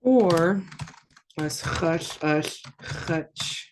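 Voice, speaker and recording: An unhurried language teacher works through a casual online lesson, saying each phrase slowly and then repeating it. The voice sits at a middling pitch and keeps a relaxed, conversational tone between examples. Faint keyboard clicks and typing can be heard in the background. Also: a little hiss or hum. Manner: slow, careful repetition of words with casual asides.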